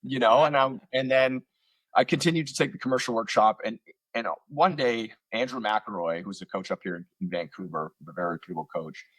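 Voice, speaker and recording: A low-voiced man with a husky grain speaks over a computer call from a room at home. He tells rambling, self-mocking stories about starting out as an actor and keeps them loose with plenty of fillers. The sound is close and dry, with no room around it. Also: fairly quick, fairly bright tone, no room sound. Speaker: actor guest. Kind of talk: casual interview storytelling. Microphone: computer on video call.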